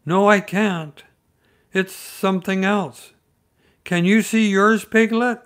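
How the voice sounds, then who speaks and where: A man doing a squeaky excited little kangaroo. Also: a little slow. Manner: eager, chattering. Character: small excitable young kangaroo boy.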